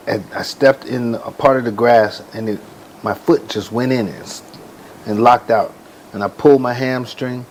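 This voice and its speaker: A man's voice: on the low side, a little mellow, low-quality recording. Man in his 40s, casual storyteller, laid-back slang, faint hiss behind. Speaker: boxer and ring announcer, guest.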